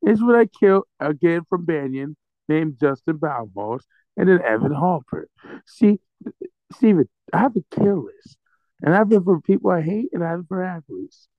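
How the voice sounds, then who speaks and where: This sports podcast co-host has a fairly high, expressive voice and a moderate pace as he launches into an angry, profanity-laced rant full of comic threats. The sound is dry and dull lo-fi, with no room sound.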